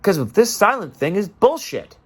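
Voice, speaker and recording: A man's voice: sits high, very animated, moderate pace, husky. A man delivering an emotional, profane rant straight to camera and acting out the voices of the people he quotes. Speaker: vlogger.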